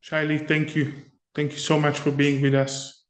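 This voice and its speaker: Guy hosting a press conf, monotone, real slow, roomy echo. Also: a little high. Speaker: press conference moderator. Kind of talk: formal introductions.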